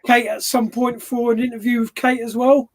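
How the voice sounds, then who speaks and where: A man's voice: extremely high pitch, flat delivery, normal speed. A man hosting a live podcast with cheeky, jokey banter. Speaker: podcast host. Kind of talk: casual live podcast chat.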